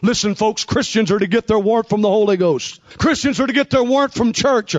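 A man preaching an impassioned revival sermon, with rhythmic repetition and bursts of shouting. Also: high voice, a little fast, few pauses, muffled recording.

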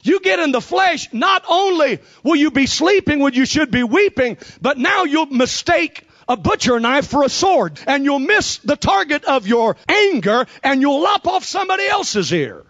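A man preaching an impassioned revival sermon, with rhythmic repetition and bursts of shouting. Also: very high voice, very animated, moderate pace, few pauses, muffled recording.

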